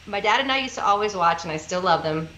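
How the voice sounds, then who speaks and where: A woman from the Rio Grande Valley of Texas, a news correspondent chatting casually as a podcast guest, laughing and poking fun at herself as she tells quick stories. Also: medium pitch, animated, fairly bright tone, roomy sound, dull audio. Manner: laughing, self-deprecating, quick storytelling.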